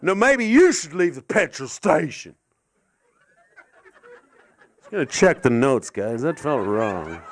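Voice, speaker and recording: An older man doing a stand-up comedy set, his high voice leaping up and down wildly. He rambles through absurd tangents, drops to muttered asides, then builds into sweary shouted rants. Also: big pitch swings, takes it slowly, pauses often. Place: live comedy gig in an art gallery.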